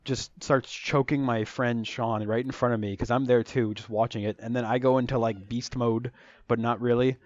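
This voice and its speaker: A young man spins a casual storytime, rambling and packed with "like" and swear words. His voice sits at an ordinary middle pitch. The recording is dull and lo-fi. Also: steady tone, normal speed. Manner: rambling, filler-heavy, swears freely. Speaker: storytelling vlogger.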